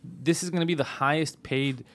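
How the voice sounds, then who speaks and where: A man's voice: fairly even intonation, moderate pace, fairly bright tone. A middle-aged man co-hosting a comedy podcast, chatting casually and jumping into mock voices. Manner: joking, jumps into mock voices with big pitch leaps. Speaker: podcast co-host.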